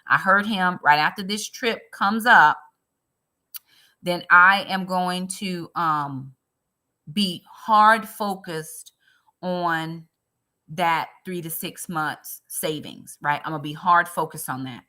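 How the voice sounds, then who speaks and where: Woman live-streamer, lowish voice with a sharp, bright edge, earnest and personal with her viewers. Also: slow pace. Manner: earnest, talks straight to viewers; emotional about her faith. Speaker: budgeting live-streamer and ministry leader.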